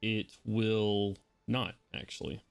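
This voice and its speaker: A man narrating as game master of a tabletop role-playing game, brisk and descriptive. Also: lowish voice, level tone, gravelly, smooth, no echo.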